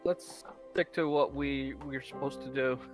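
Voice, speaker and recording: A man's voice: medium pitch, unhurried, music in the background. A man playing in a tabletop game, talking casually and restarting his sentences often. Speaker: player.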